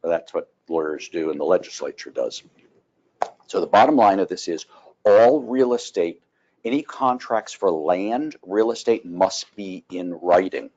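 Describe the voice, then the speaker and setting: A man teaching a continuing education class on real estate law, telling folksy stories and clearing his throat often. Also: low-pitched, animated, unhurried, a little mellow, dull audio.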